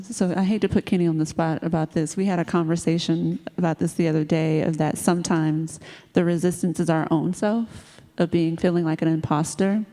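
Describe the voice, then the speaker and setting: A woman panelist speaking in a warm, encouraging way at a conference. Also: lowish voice, long reverb tail. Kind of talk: panel answer. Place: large conference hall.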